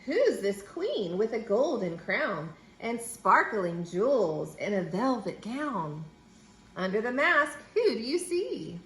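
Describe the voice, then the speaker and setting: A woman reading a children's picture book aloud in an expressive, sing-song way, slipping into playful squeaky voices for the characters. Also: slow, reverberant. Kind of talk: children's storybook read-aloud.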